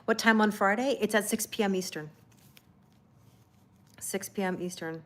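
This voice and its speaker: A woman of medium pitch and moderate pace hosts a laid-back live tarot reading on her stream. She chats and laughs with the audience and reads their comments aloud in a reassuring tone.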